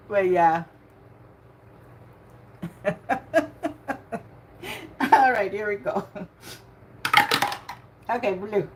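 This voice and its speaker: A woman's voice: medium pitch, very slow, long pauses, a little hiss or hum. An older woman hosting a casual livestream bingo game. She chats and laughs often, and greets her viewers by name. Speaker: livestream host running bingo. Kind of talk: casual live chat.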